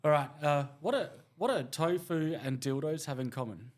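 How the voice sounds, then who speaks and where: Man, somewhat high voice, teasing, quick crude one-liners, podcast banter. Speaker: podcast co-host.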